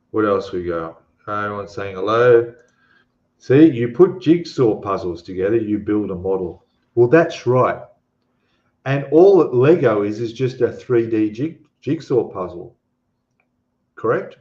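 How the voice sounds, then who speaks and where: An Australian man with a lowish, darkish voice casually talks to viewers on his live stream and goes through their comments. He rambles, using many fillers and restarting often, in a dull, lo-fi recording with room echo.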